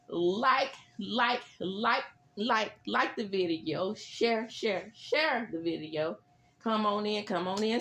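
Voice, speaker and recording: A woman hosting a casual reality TV recap, blunt and sassy, with animated reactions. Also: on the high side.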